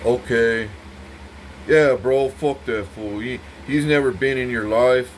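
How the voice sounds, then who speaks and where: A man's voice: mid-range voice, slow, a little hiss or hum. A man giving an intense, profane, rambling monologue to the camera, repeating himself as he goes. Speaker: vlogger speaking to camera.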